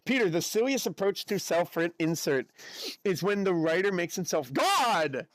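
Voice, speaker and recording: A man streaming live, chatting casually and reacting excitedly to chat messages. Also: high-pitched, unhurried, no echo, studio quality. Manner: chatty, excitable, lots of fillers and exclamations.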